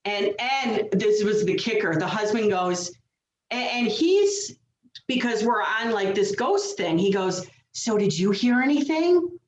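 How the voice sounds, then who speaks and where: A woman medium telling stories in a casual interview, lively and full of acted quotes. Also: mid-range voice, measured pace, a little hiss or hum. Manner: animated storytelling with acted quotes. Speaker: medium, guest. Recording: roomy, dull lo-fi sound.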